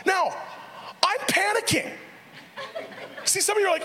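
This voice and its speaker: A middle-aged pastor preaches with real energy, spinning a story and laughing often as he acts out other people in raised voices. His voice is very high-pitched at a moderate pace, with frequent pauses and a little background noise.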